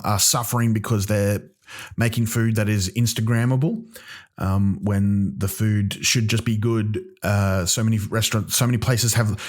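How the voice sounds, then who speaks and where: A man hosting a comedy podcast, ranting in mock outrage, full of ums and restarts. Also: fairly low pitch. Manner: rambling, halting, with many ums and restarts; mock-outraged, exaggerating for laughs. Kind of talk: comic rant.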